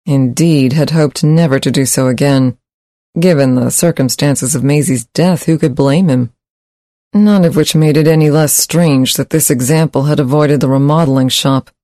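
Man narrating a story in a mellow voice. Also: fairly high pitch, dry recording, clean studio sound. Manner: measured, steady storytelling. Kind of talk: scripted narration.

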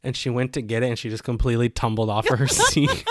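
Talking quickly in a mid-range voice, a young podcast co-host spins a casual story, voicing the quotes of people in it with lively animation. The studio sound is clean, with no room sound.

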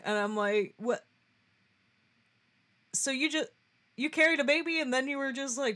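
A young woman with a fairly high voice chats casually about a show with a friend. She laughs often, swears without a second thought and acts out what the characters say. Her talk stays loose and unscripted. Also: animated, moderate pace, pauses often, fairly bright tone. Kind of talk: casual chat.

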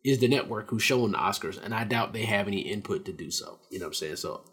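Man, husky voice, podcast co-host, emphatic arguing, lots of swearing. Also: fairly low pitch, animated, fast talker, a bit bright. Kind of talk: casual podcast chat.

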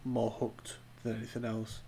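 A man's voice: fairly low pitch, monotone, normal speed, creaky, dark tone, slight background noise. A man co-hosting a casual podcast, talking in a laid-back, joking way. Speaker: podcast co-host. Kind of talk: casual chat.

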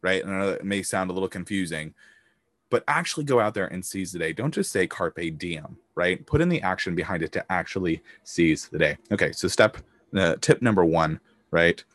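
A man's voice: low voice, lively intonation, a little fast, a bit bright, dry recording. A man hosting a motivational business podcast, talking emphatically, swearing casually and acting out hyped-up voices. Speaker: podcast host and business coach.

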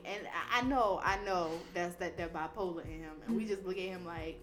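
A woman podcast host telling a story in casual, animated chat, swearing freely. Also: fairly low pitch, a little fast, hardly any pauses, soft background music. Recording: roomy echo.

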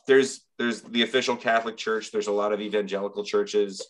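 A man telling a long story in casual talk, rambling, profane and animated. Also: on the low side, a little fast.

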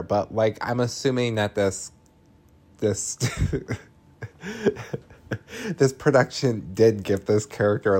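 A podcast host casually recapping a film, chatty and loose, full of fillers, laughing and swearing freely. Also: mid-range voice.

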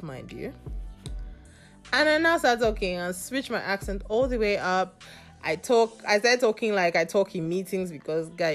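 Podcast host, woman, sassy storyteller with a lowish voice. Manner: animated, laughing, playfully sassy. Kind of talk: casual storytelling.

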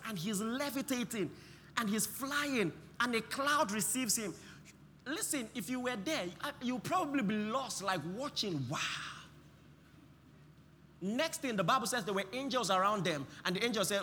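A man preaching a sermon, impassioned, breaking into shouts and having the congregation repeat lines after him. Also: high voice, in a large hall, a little hiss or hum.

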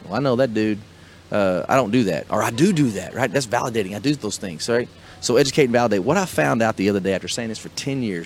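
A middle-aged man hosts a casual podcast chat and coaches small business owners in an upbeat, motivational way. He talks quickly and keeps pressing his point. A faint room ambience sits under his voice. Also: mid-range voice, slight background noise. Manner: fast, enthusiastic, motivational.

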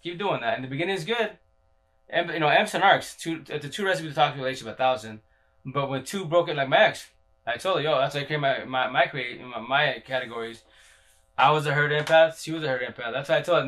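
A man's voice: a little high, fast talker, a bit bright. A man in a casual livestream talk, rambling and profane, full of slang, often repeating himself and restarting his sentences.

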